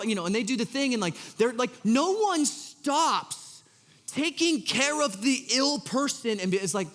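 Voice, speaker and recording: Man, pastor, casual joking sermon, high voice, swooping delivery. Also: normal speed, in a large hall, soft background music. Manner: animated, acts out Jesus's lines in an exasperated voice; casual and joking, full of fillers. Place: church hall.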